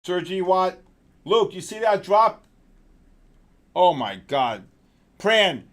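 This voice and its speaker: A male trading show host giving excitable live market commentary, exclaiming and calling out viewers by name. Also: sits high, slow.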